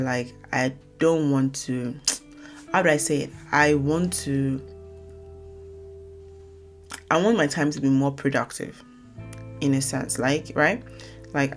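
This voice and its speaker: A young woman from Nigeria hosting her own casual podcast, talking fast and rambling, often correcting herself mid-sentence. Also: rumbling low. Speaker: podcast host. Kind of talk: casual solo podcast talk.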